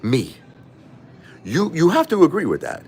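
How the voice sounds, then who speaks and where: A man's voice: a little high, huge pitch swings, unhurried, darkish tone, a little hiss or hum. A man livestreaming a combative, boastful rant, taunting his critics and repeating himself. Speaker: livestreaming YouTuber. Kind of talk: ranting livestream monologue.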